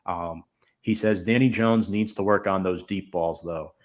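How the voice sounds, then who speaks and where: Man, fairly low voice, podcast host, casual chat, firm opinions. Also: a little slow, darkish tone. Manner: reads viewer comments, firm opinions.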